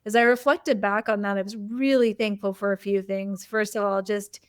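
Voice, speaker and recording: Woman, host, candid conversational storytelling, mid-range pitch, dry close sound. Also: fairly even intonation, moderate pace, clean tone, dry recording. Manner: open, personal, frequent "like" and "you know" fillers.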